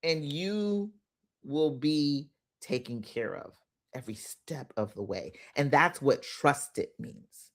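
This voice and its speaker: A middle-aged woman, giving a motivational talk on a phone livestream, emotional and quick to laugh. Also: deep voice. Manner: laughs often, preachy, emotional. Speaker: inspirational speaker.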